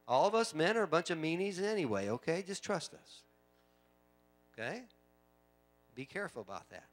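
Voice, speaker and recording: A middle-aged pastor delivers a sermon in a church, his voice bright and somewhat high for a man. He talks in a conversational way, full of asides and repetitions, then swells into loud, emphatic preaching. The tone stays edged and forceful. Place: church sanctuary.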